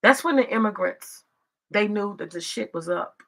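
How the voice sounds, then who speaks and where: A woman's voice: medium pitch, normal speed, vocal fry, fairly bright tone. A woman from the United States giving profane, confrontational vlog commentary in a preachy manner.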